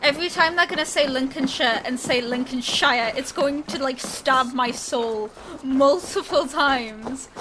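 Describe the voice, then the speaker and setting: A woman's voice: high-pitched, a little slow, few pauses, noisy background. Giggly young woman griping over gameplay. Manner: exasperated, giggly asides. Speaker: gameplay streamer. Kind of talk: casual let's play commentary.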